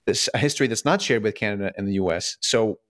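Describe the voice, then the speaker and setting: A man's voice: on the low side, quick pace, a bit bright, no room sound, studio quality. Earnest man with frequent restarts. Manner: earnest, many restarts and fillers, rhetorical questions. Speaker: podcast co-host. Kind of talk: casual podcast discussion.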